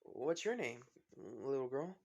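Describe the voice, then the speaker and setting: A man voicing a gentle, kind teenage boy hero in a fan story, talking softly and reassuringly. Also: mid-range voice, very animated, slow, gravelly, exaggerated voice. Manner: soft, reassuring.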